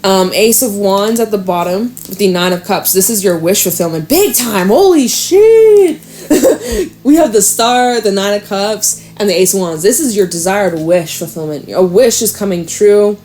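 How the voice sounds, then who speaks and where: A woman giving a casual tarot reading, chatty and excitable, swearing and laughing now and then. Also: medium pitch, normal speed, hardly any pauses. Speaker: tarot reader.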